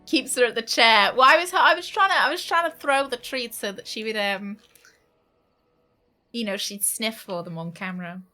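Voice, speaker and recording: A woman streaming a game from home, chatting casually, laughing often and switching into a high baby voice for her dog. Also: normal speed, pushed and bright. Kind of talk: casual live-stream chat.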